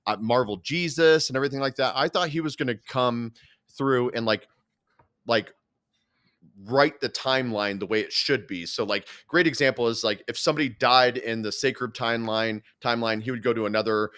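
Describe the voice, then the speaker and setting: A man's voice: mid-range voice, moderate pace, a bit bright, smooth, no echo, clean studio sound. A man co-hosting a podcast, chatting casually about movies in a rambling way, full of fillers. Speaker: podcast co-host. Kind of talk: casual chat.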